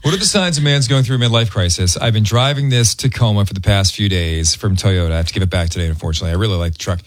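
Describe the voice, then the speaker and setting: A man's voice: fairly low pitch, very fast. A middle-aged man hosting a morning radio show, bantering playfully and teasing his co-hosts.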